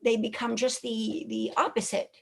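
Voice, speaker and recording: A woman hosting an interview who asks long, halting questions with many restarts. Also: fairly high pitch, little pitch movement, gravelly. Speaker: host, interviewer.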